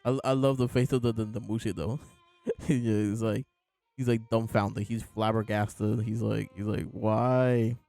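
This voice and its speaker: A man's voice: lowish voice, flat delivery, moderate pace, creaky, mellow, soft background music. A man casually reviewing and discussing a comic chapter, rambling with many fillers and chuckles. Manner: laid-back, rambling, lots of fillers and laughs. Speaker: podcast host reviewing a manga chapter. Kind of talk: casual chat.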